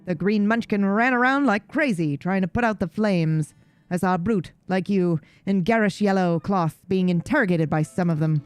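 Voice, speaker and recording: A woman's voice: mid-range voice, moderate pace, clear, resonant tone, faint music behind, close to an everyday voice. A woman voicing a jaded, vain, regal male cat in a video game, with a posh mock-transatlantic drawl full of scorn. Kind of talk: reading game dialogue aloud.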